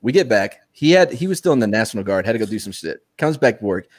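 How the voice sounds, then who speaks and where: Animated man telling an army story. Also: on the low side, fast. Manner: animated storytelling, quotes people in voices, laughs often. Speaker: storyteller, former soldier. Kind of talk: casual chat on a live show.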